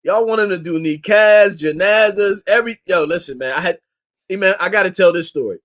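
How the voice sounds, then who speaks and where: Male interview guest, rapid delivery, impassioned and slangy, exhorting. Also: high voice, fairly bright tone. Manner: impassioned, exhorting his listeners; slangy and emphatic. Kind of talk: casual interview talk.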